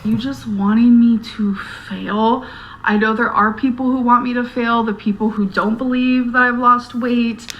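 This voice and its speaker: A woman's voice: on the high side, steady tone, normal speed, a bit bright, highs cut off, slight background noise. Rambling woman vlogging to camera. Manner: rambling, earnest, emotional. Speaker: YouTuber. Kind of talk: talking to camera vlog.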